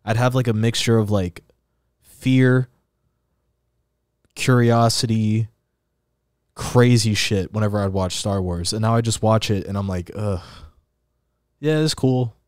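A man's voice: lowish voice, little pitch movement, unhurried, pauses often, a little mellow, no echo, studio quality. Laid-back young man rambling. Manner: laid-back, rambling, breaks into rapped lines. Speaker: podcast co-host. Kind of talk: casual chat.

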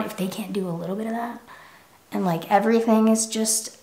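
A woman's voice: mid-range voice, brisk, reverberant, slight background noise. A young woman in her twenties vlogging in casual, frank chat to camera, with lots of "like". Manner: chatty, frank, says "like" often.

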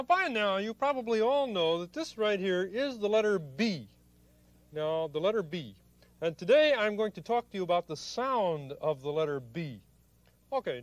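Kermit, a high earnest frog puppet. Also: male voice. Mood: teaching. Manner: patient explaining, exasperated bursts. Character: earnest, fussy male frog puppet lecturer. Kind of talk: children's TV puppet lesson.

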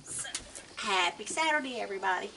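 A chatty woman talks casually to her viewers while she feeds animals on a deck at night. Her voice is picked up from some distance, with clear outdoor noise around her. She keeps coaxing the animals softly between remarks. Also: mid-range voice, animated, fairly quick. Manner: chatty, coaxing the animals, soft baby-talk to pets. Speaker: animal feeder vlogger. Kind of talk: casual chat to camera while feeding animals.

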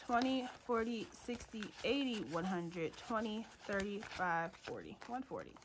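A woman's voice: medium pitch, very animated, normal speed, noisy background. A woman, chatting casually to viewers as she counts cash into envelopes, laughing often and calling them y'all. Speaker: budgeting vlogger. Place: home room at a table.

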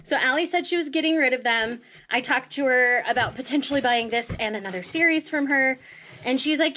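A woman's voice: high-pitched, fairly quick, pushed and bright, slight background noise. A woman hosting a casual unboxing vlog, gushing and emotional, often laughing as she talks to her viewers. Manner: chatty, addresses viewers directly. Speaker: manga vlogger.

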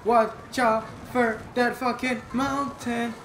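A man's voice: extremely high pitch, flat delivery, takes it slowly, gravelly. A man giving gameplay commentary, frustrated and swearing constantly. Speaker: gamer. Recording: roomy with loud background noise.

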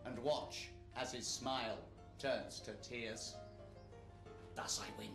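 A male comedian with a London accent delivering a deadpan mock sermon with a gruff, blokey put-on voice. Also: medium pitch, slow, over loud music. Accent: London English.

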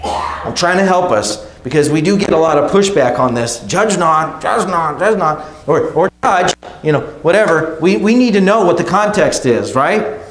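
A man's voice: fairly high pitch, lively intonation, moderate pace. A man preaching a sermon to his congregation in a conversational way, often restarting phrases and checking in with "okay?" and "right?". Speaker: pastor. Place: church sanctuary. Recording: echoey church room.

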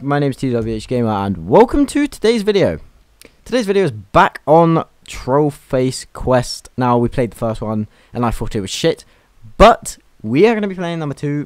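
A man's voice: medium pitch, sing-song, moderate pace, smooth. Swearing young gamer guy. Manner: crude, swearing, mocking the game. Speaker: gaming YouTuber. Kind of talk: gameplay commentary.

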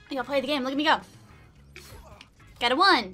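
A young woman giving giggly, excitable commentary while playing a video game. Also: sits high, brisk, pauses often, soft background music. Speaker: gaming streamer. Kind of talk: live gameplay commentary.

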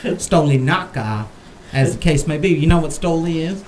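A man's voice: a little high, fairly even intonation, fast, darkish tone, a little hiss or hum. A man co-hosting a talk show, telling a rambling comic story and repeating lines for laughs.

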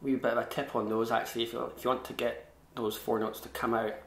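A man giving a relaxed online fiddle lesson, chatty and self-deprecating, scat-singing rhythms as he explains them. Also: medium pitch, fast, soft background music. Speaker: fiddle tutor. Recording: echoey room.

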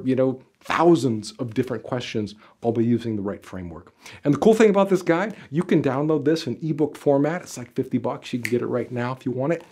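Animated, emphatic male career coach. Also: medium pitch. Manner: animated, emphatic, gestures with arms and body; conversational, many "you know" fillers. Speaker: job interview coach. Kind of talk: direct-to-camera advice video.

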